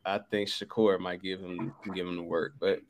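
A man co-hosting a podcast in casual chat, relaxed and laughing often. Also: low voice, normal speed. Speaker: podcast co-host. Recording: clear background noise.

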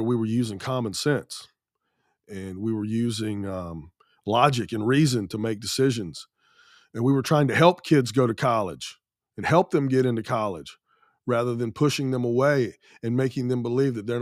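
A man's voice: mid-range voice, no echo, clean studio sound. Ranting, swearing podcast host man. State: sick with an ear infection. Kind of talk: angry solo podcast rant.

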